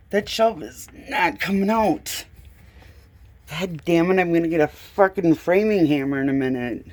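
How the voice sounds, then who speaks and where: A woman's voice: lowish voice, moderate pace, a little mellow, no room sound. A woman filming a walkthrough of a home closet on her phone, pointing things out in an exasperated voice and swearing now and then. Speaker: homeowner filming a complaint video. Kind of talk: casual walkthrough narration. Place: indoors, small closet in a home.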